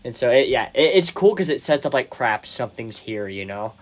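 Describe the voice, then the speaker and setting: A young man hosting a podcast, retelling movie scenes casually and excitedly, with slang and lots of "like". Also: mid-range voice, brisk. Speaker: podcast host. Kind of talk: casual chat about a movie.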